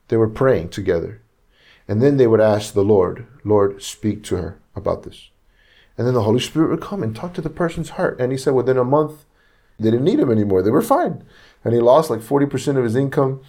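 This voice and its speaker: A man's voice: mid-range voice, a little mellow. A man preaching a sermon, telling a story earnestly and acting out each person's lines as he goes. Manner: retells conversations, acting out each speaker's lines; earnest, repeats himself while searching for words.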